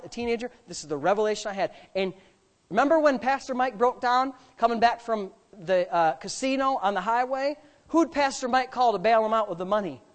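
A middle-aged man, a pastor, telling a story in a sermon and acting out the voices. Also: sits high. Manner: animated, acts out voices.

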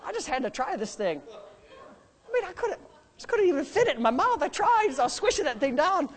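A male pastor preaching a sermon in a church sanctuary, emphatic, swinging between loud bursts and low asides, with joking asides. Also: big pitch swings, brisk.

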